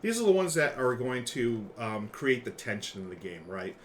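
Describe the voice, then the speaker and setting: A man co-hosting a relaxed game-night stream, chatting and laughing easily with his partner and the viewers. His voice sits at an ordinary middle pitch, with faint noise in the background. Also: moderate pace. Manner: chatty, laughing, talks with mouth full. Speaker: game show co-host. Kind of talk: casual livestream chat.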